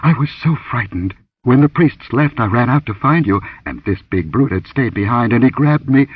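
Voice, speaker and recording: A man's voice: mid-range voice, expressive, normal speed, slightly rough, no room sound, recorded from a distance, phone-quality sound, voice pushed up. A man voicing a frightened young woman dancer, gasping and pleading, in an audiobook. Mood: stammering.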